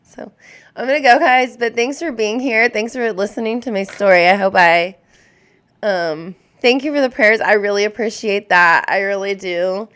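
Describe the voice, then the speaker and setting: Chatty woman in her thirties, smooth voice. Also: mid-range voice, moderate pace. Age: 30s. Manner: rambling, chatty, full of "like" and "um"; warm and openly emotional toward viewers. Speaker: live streamer answering viewer questions. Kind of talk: casual live chat.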